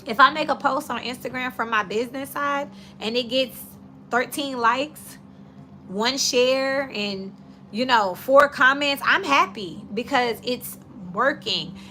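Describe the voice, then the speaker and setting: A woman reads tarot cards in a loose, conversational way, coaching her listeners directly. Her voice is bright and forceful, sitting a little high, with a faint hiss in the recording. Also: a little slow. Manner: chatty, animated, coaching and direct. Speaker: tarot reader. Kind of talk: casual tarot reading.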